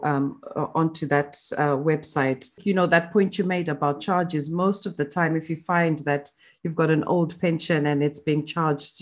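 A woman hosting a podcast interview, chatting casually with lots of fillers and quick to laugh. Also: sits low. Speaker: podcast host.

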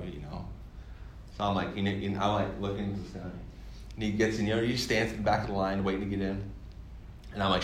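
A young man from Michigan telling a story as a sermon in a church, excited and rambling, with many fillers and restarts. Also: fairly low pitch. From Michigan, USA. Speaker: guest speaker at a church. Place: church hall. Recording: echoey church hall, faint room noise.

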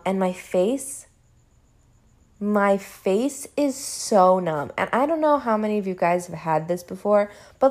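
Young woman rambling a story at home, lots of "like", swears a bit, super animated. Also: fairly low pitch. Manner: chatty, animated, swears casually, frequent "like". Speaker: vlogger. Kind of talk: casual storytelling to camera. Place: home room.

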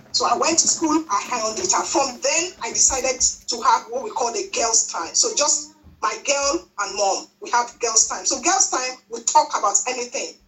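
A woman's voice: high voice, a bit bright, far from the mic, rough recording. A woman preaching a sermon, repeating her exhortations, with frequent restarts. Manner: repetitive, exhorting, many restarts. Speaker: church speaker. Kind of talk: sermon on parenting.

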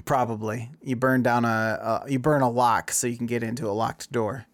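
A man in his thirties telling a story in casual chat, lively and acting out dialogue with a raised voice. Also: medium pitch, moderate pace, no echo, studio quality. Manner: animated, acts out dialogue in a raised voice.

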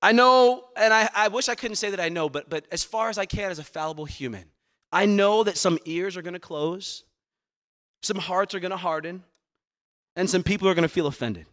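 A man's voice: high voice, fairly quick, fairly bright tone. A man as pastor delivering a sermon, earnest, repeating words as he presses his points. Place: church sanctuary.

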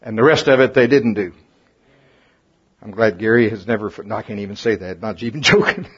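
Folksy man preaching, husky voice. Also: a little fast. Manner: animated, folksy, rises in pitch and volume at climaxes. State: dry mouth. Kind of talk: sermon. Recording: dull lo-fi sound.

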